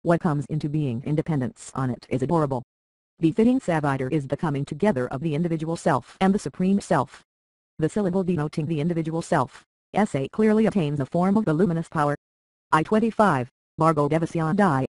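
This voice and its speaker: A voice reading a translated scripture aloud in a slow, even recitation, verse by verse, with Sanskrit terms. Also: medium pitch, no echo, poor audio.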